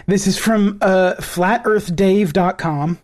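A man's voice: high voice, slow pace. A man from the American South co-hosting a podcast, chatting casually and laughing often as he mocks what he is hearing. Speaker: podcast co-host. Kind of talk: casual chat.

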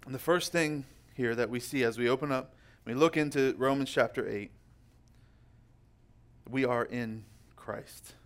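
A young man preaching a sermon as pastor, emphatic and slowing down to stress key words. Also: mid-range voice.

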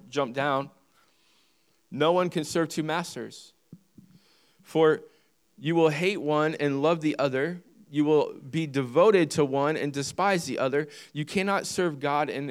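A man's voice: a little high, unhurried. A male pastor preaching a sermon, reading scripture and driving points home with repetition and questions to the congregation. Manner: emphatic, repeats key phrases and asks the congregation questions.

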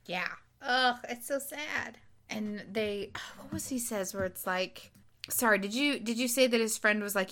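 A woman co-hosting a podcast in casual chat, expressive and talkative, with sighs and groans. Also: fairly high pitch, measured pace. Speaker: podcast co-host recapping a TV episode.

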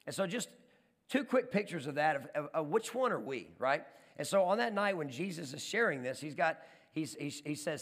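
A man preaching a sermon, telling stories with animated energy and often repeating and restarting words. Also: a little high, normal speed. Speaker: pastor. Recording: long hall reverb.

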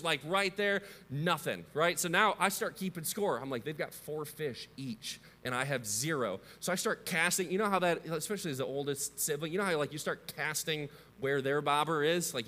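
Man, 30s, pastor, sermon, conversational storytelling, slightly high voice, long hall reverb. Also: bright, forceful tone. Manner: conversational, storytelling, asks the audience questions.

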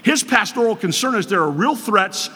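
A man's voice: high voice, expressive, normal speed, pushed and bright, slightly rough, in a large hall. A man preaching a sermon to his congregation as pastor, earnest and emphatic, speaking straight to the listeners.

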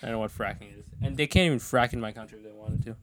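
A man's voice: fairly low pitch, racing, fairly bright tone. A young man co-hosting a podcast, bantering casually and crudely with jokes and rambling asides. He grew up in another country. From outside the country of the show. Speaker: podcast co-host.

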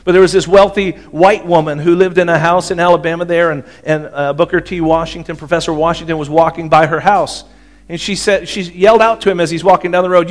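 A pastor preaches a sermon conversationally, frequently checking in with the congregation and asking for their agreement. His voice is a little high and steady in tone, moving fairly quickly.

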